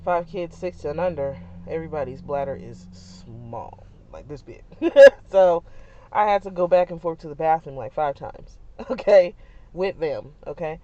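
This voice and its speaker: A young woman, a mother, telling a family story in a chatty, animated way, with many fillers and frequent laughs. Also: low-pitched, no echo. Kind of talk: casual storytelling vlog. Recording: dull lo-fi sound.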